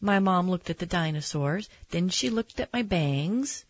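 A woman reading a children's picture book aloud in a gentle, measured bedtime-story manner. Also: lowish voice, lively intonation, no room sound, muffled recording. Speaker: storybook reader.

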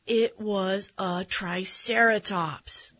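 Slow, breathy woman reading a bedtime story. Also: mid-range voice, fairly even intonation, a bit bright, dry recording, muffled recording. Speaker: storybook reader. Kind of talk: reading a picture book aloud.

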